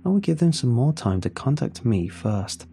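A man narrating a first-person horror story in a measured, tense way. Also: mid-range voice, sing-song, dark tone. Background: faint music.

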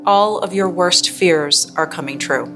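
A woman interviewing for television, asking probing questions and reacting with quiet exclamations. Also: fairly low pitch, a little slow, faint music behind.

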